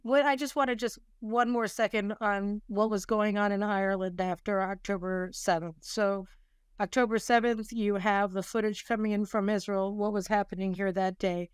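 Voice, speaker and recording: A woman's voice: mid-range voice, fairly even intonation, normal speed, clean tone, no room sound, studio quality. A woman hosting an interview, asking probing questions with short restarts. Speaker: interview host.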